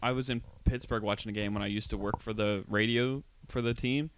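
A man's voice: lowish voice, fairly even intonation, a little fast, a little hiss or hum. A young man co-hosting a casual podcast, easygoing and joking as he tells stories. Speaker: podcast co-host. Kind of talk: casual chat.

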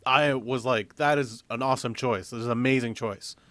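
A man's voice: medium pitch, steady tone, fairly bright tone, no echo. A man hosting a casual podcast chat, blunt and opinionated in his takes. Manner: blunt, opinionated, quick to judge.

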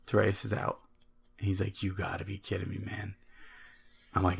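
A man co-hosting a sports podcast, telling stories in an excitable, animated way. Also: low voice, moderate pace, creaky, long pauses, husky. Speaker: podcast co-host. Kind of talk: casual sports chat.

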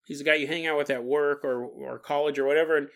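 A man's voice: on the high side, fairly even intonation, fast talker, vocal fry, fairly bright tone. A man hosting a paranormal podcast in a casual, rambling comedic monologue, laughing often and acting out the voices he quotes. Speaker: podcast host.

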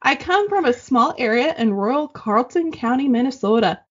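A woman co-hosting a podcast, reading listener stories aloud in casual, animated chat and swearing freely. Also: high voice, moderate pace, slightly rough. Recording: dull lo-fi sound.

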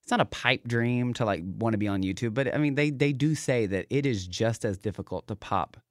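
A man's voice: mid-range voice, fairly quick, no echo, studio quality. A young man from Tennessee with a toned-down Southern accent, a guest on a casual podcast, talking animatedly and laughing often. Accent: East Tennessee, toned down. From Knoxville, Tennessee. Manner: animated, laughs often, repeats words when starting.

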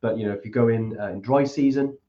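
A man's voice: medium pitch, fast, mellow, dull audio. A man hosting a trekking trip talk, giving loose, friendly advice with many fillers. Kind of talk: casual chat and travel advice.

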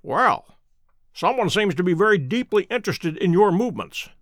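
A man voicing a keen, self-assured detective who speaks crisply and precisely, in a dry close recording. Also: sits high, very animated, normal speed, a bit bright, no echo. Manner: crisp, precise and pleased with himself.

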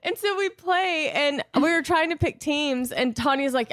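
A woman's voice: high voice, expressive, normal speed, a bit bright, dry recording, studio quality. A woman in her thirties co-hosting a casual chat, telling long stories and laughing often. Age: 30s. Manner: chatty storyteller, laughs often.

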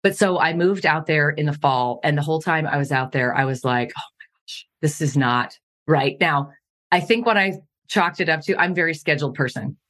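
A middle-aged woman from Montana speaks with a low voice, recounting her past in a candid, earnest way. She laughs at the absurdity of painful memories while telling them as a podcast guest. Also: brisk, fairly bright tone. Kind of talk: candid personal storytelling.

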